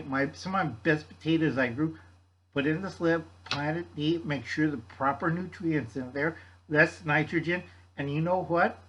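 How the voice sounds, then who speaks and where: An older man with a slightly high, somewhat bright, slightly rough voice hosts a gardening channel, chatting casually and rambling as he hands out blunt, folksy advice. He scolds his viewers and talks about himself in the third person, and the audio sounds dull.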